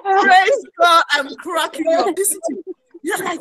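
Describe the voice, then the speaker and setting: A woman preacher delivering a lively sermon, mimicking her congregants and laughing often. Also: very high-pitched, moderate pace, no room sound, low-quality recording.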